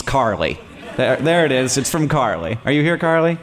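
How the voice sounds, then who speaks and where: On stage at a live podcast, a forties-aged male host rambles through jokey stories, laughing frequently. His mid-range voice swings widely in pitch at an ordinary pace, and the recording has a big-room feel.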